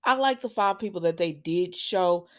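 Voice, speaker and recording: A woman's voice: lowish voice, normal speed. A woman hosting a casual recap vlog of a soap opera, talking straight to her viewers and acting out what the characters said. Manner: animated storytelling, acts out the quoted lines; chatty and informal, talks straight to viewers.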